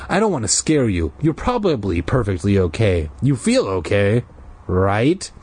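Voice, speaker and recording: Man voicing sinister scientist, icy, low, slow, husky, storybook. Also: wildly swooping pitch, darkish tone, exaggerated voice. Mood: calm. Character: calm, sinister male scientist.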